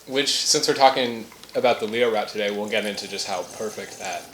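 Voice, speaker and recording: A man's voice: on the low side, brisk, roomy sound, a little hiss or hum, poor audio. A man co-hosting a casual podcast, teasing and laughing often. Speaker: podcast co-host and narrator.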